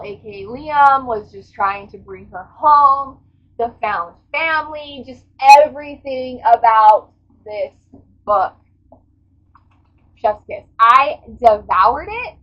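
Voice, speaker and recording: A woman's voice: a little high, muffled recording. A woman book vlogger giving a casual reading recap, gushing and dramatic and swearing freely.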